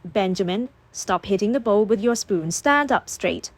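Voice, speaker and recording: A firm, harried young mother scolds her children in an audiobook, voiced by the woman narrating. She keeps her tone strict and her pitch in a middle range. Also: expressive, moderate pace, close to an everyday voice. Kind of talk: audiobook character voice.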